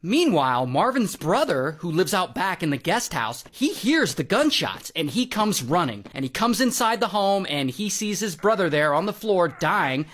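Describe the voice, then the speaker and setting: Animated storyteller with dramatic sound effects. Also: mid-range voice, measured pace. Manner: playful slang, talks straight to the viewer. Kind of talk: casual true-crime storytelling.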